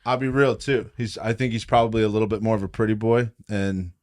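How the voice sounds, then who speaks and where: A man co-hosting a podcast, chatting casually about football, swearing freely, laughing often and getting loud when excited. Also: on the low side, quick pace, no room sound, clean studio sound. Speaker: podcast co-host. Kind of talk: casual sports chat.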